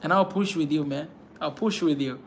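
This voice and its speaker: A man with a rather high voice talks fervently to his viewers as host of a pan-African channel. He repeats his phrases for emphasis and keeps tagging them with "man," pleading more than lecturing. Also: moderate pace, vocal fry, slight background noise. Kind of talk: impassioned livestream talk to viewers.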